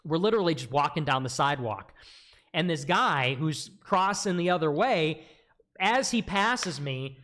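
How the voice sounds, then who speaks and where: A man casually telling a story on a livestream, animated, acting out quotes in a raised voice. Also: fairly high pitch. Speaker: livestream guest.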